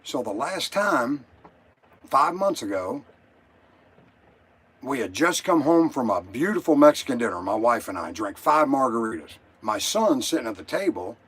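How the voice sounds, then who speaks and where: A man's voice: medium pitch, big pitch swings, normal speed, fairly bright tone, slightly rough. An older man calling in to a show, telling his story in an agitated, rambling way and swearing often. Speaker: caller. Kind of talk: emotional call-in story.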